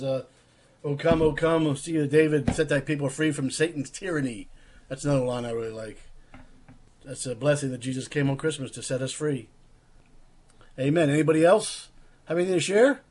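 A man's voice: on the high side, a little mellow. A man hosting an online prayer room, preaching earnestly and quoting hymn lines. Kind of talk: casual sermon.

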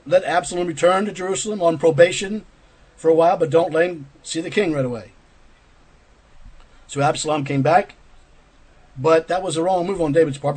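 A man's voice: fairly high pitch, darkish tone, slightly rough, rough recording. A man preaching a sermon, earnestly explaining a scripture story with rhetorical asides to his listeners.

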